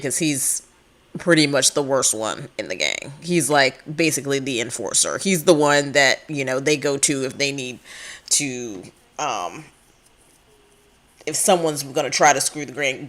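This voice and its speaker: A woman's voice: a bass voice, fairly bright tone. A woman hosting a life-sim game let's-play, narrating casually in a chatty way. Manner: chatty, laughs often.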